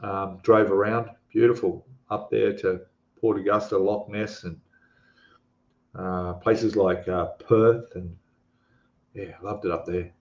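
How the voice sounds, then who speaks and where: A man's voice: lowish voice, fairly even intonation, slow. A man with an Australian accent, hosting a live stream and chatting casually with viewers, rambling with lots of fillers and restarts. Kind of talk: casual live stream chat reading comments. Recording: echoey room, dull lo-fi sound.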